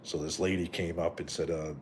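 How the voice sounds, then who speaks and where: Deep-voiced rambling middle-aged man. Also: flat delivery, a little fast, a little hiss or hum. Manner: rambling, profane, full of fillers and "right?". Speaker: live stream host. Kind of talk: casual rambling live chat.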